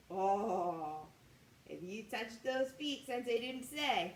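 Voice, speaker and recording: A young woman leading a children's martial arts warm-up class, coaching in an upbeat, sing-song way. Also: on the high side, lively intonation, slow. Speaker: kids martial arts instructor. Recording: echoey room with faint ambient noise.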